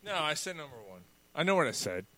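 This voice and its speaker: A podcast co-host with a fairly high, sing-song, sharp voice talks fast, telling a story in casual banter. He swears a lot, laughs, and acts out what people said, and the recording is dry.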